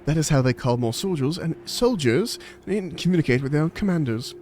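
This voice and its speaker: A man reading a male fantasy quest-giver's lines aloud in a put-on British accent, self-mocking and not quite steady. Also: fairly high pitch, brisk, slight background noise, lightly acted. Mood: grave. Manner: reads game dialogue aloud in a shaky, self-mocking accent.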